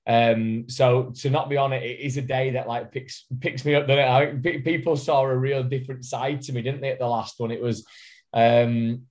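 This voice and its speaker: A man's voice: medium pitch, little pitch movement, normal speed, darkish tone. A man from the north of England with a Northern English accent, a fitness coach co-hosting a podcast and chatting enthusiastically. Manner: chatty, enthusiastic, laughs easily. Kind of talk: casual chat.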